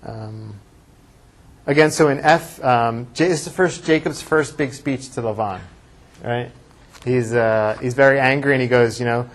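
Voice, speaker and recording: A rabbi teaching a classroom lecture, thinking aloud and reading verses aloud with emphasis, with class discussion. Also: male voice, medium pitch, normal speed.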